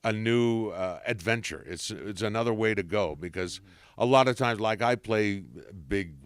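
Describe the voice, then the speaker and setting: A jovial man talking in an interview, telling stories with easy humor. His voice is smooth and resonant, recorded close and dry. He sounds like a veteran voice actor swapping anecdotes. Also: fairly low pitch, normal speed, no room sound. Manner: jovial storyteller, slips into voices and big laughs. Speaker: voice actor guest. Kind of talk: convention interview chat. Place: convention room.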